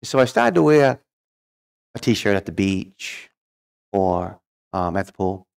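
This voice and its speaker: A man's voice: sits low, big pitch swings, slow, creaky, smooth. A middle-aged man telling his life story as a guest speaker, folksy and humorous, acting out the voices of people he quotes. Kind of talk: storytelling testimony.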